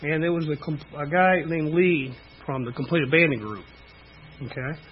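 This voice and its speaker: A middle-aged man talks openly and at length about his recovery at a meeting, leaning heavily on "you know" as filler. He speaks at a moderate pace in a slightly high, husky voice, and the audio sounds dull.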